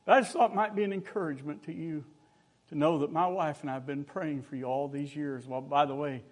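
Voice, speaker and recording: An older man preaching from the pulpit, his voice sitting a little high for a man. He tells homespun stories with a light, joking touch, then lifts into earnest exhortation. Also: steady tone, brisk. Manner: folksy storytelling with humor and rising exhortation. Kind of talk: sermon.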